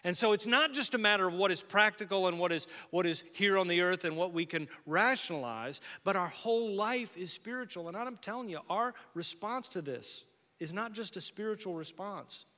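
A male pastor preaching a sermon, moving between loud urgent emphasis and soft, hushed encouragement. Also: high-pitched, lively intonation, moderate pace, long reverb tail.

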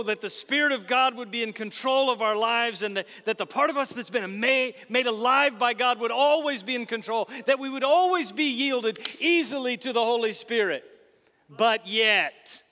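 A man's voice: very high-pitched, moderate pace, long reverb tail. A man preaching a sermon in a church, telling stories animatedly and speaking directly to the congregation. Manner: animated storytelling with asides to the congregation. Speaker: pastor. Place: church sanctuary.

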